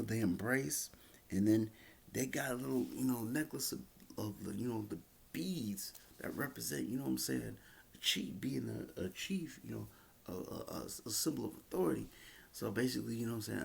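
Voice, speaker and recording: A man's voice: mid-range voice, animated, brisk, gravelly, slightly rough. A man giving a casual, rambling review of a wrestling event, with many fillers and restarts.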